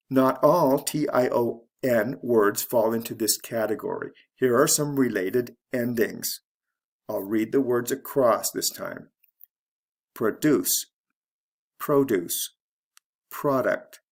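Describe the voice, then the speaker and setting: A man teaching English pronunciation, saying words slowly and deliberately and repeating them for practice. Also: mid-range voice, creaky. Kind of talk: pronunciation lesson.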